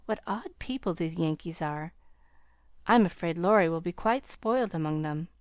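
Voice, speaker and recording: A woman's voice: fairly low pitch, expressive, normal speed, dry recording, clean studio sound, lightly acted. A woman voicing a condescending young lady, in an audiobook reading. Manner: condescending, cool.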